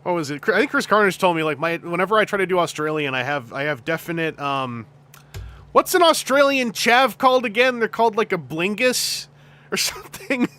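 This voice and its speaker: A man's voice: high voice, lively intonation, brisk, bright, forceful tone, clean tone. A man chatting casually on his stream, rambling and jokey, often laughing and restarting his sentences. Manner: rambling and jokey, with frequent restarts, laughter and silly put-on voices.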